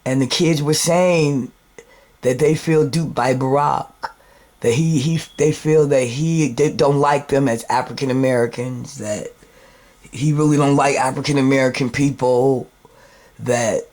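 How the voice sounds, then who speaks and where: A man hosting his own video show, ranting in a rambling, emphatic, profane monologue that swings between loud outbursts and subdued asides. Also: mid-range voice, steady tone, a little slow. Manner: repeats words and restarts often. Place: New York.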